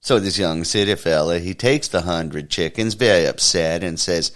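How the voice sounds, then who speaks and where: A podcast host with a deep, low male voice, telling a long joke. He spins it out slowly in a folksy, drawn-out way. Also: fairly bright tone.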